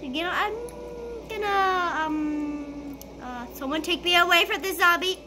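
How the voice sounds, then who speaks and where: A woman playing a school role-play game, talking excitedly through it and bursting into shrieks and giggles. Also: very high voice, a little slow, heavy background noise. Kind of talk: playful gameplay commentary.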